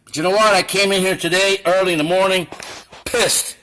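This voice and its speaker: A man's voice: high voice, steady tone, a little fast, pushed and bright, slight background noise, low-quality recording. Angry, blunt machinist man. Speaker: shop machinist. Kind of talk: workshop demonstration to camera.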